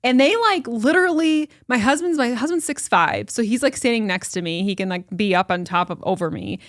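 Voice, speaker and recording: A woman's voice: a little high, a little fast, dry recording, clean studio sound. Chatty young woman telling a story. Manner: animated storytelling with many fillers. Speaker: podcast host. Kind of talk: casual conversation.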